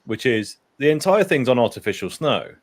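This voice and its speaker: A man's voice: medium pitch, big pitch swings, fairly quick. A man co-hosting a casual late-night live stream chat, with dry, wry understatement.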